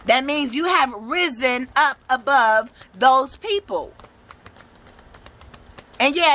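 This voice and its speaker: A young adult woman works as a motivational speaker and tarot reader, and here she gives a blunt, emphatic reading laced with profanity. Her voice is high with a sharp tone.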